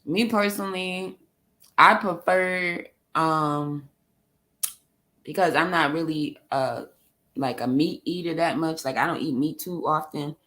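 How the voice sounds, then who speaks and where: A woman with a New York accent, talking on a casual panel in a blunt, profane, laughing way. Her voice sits a little low for a woman. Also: a little slow, a bit bright.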